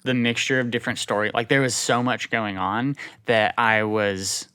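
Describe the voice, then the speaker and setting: A man on a podcast panel, mostly agreeing briefly and halting when he gives his own views. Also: mid-range voice, steady tone, pushed and bright, smooth, no room sound, studio quality. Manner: short agreeing replies, halting when giving opinions. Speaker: podcast co-host. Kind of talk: casual chat.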